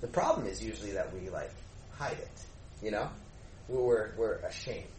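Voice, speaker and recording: A man leading a youth group discussion in an animated way, often asking rhetorical questions and acting out exchanges. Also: fairly low pitch, moderate pace. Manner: animated, asks rhetorical questions, acts out dialogue. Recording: echoey room, faint background noise.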